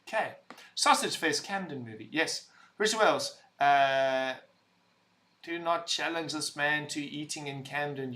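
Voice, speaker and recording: Man, young adult, casual livestream host, slightly high voice, bright, rambling, swearing. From visitor to the UK. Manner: loud, laughing, swearing, rambling. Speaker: livestream host reading chat.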